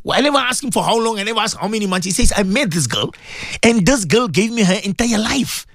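A man's voice: high voice, animated, fast, a bit bright, no room sound, studio quality. A man hosting a radio talk show as a Muslim cleric, telling a story with emotion and religious phrases.

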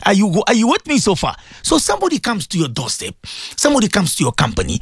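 Fervent preacher, high and lively. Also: male voice, fast, husky, no echo. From South Africa. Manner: fervent, pleading, repeats phrases for emphasis. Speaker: Muslim cleric hosting a radio show. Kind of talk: impassioned radio sermon.

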